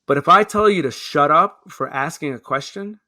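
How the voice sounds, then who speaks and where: With a sharp tone, a slightly high pitch and normal speed, a Queens-born man in his 30s makes emphatic points as a guest in a conversational interview. He works as a public affairs officer and keeps asking "right?" as he goes.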